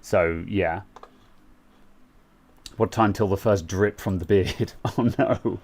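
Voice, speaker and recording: A man's voice: low voice, slow, a little mellow. A young British man co-hosting a casual tech chat, rambling with lots of fillers and restarts. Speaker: co-host.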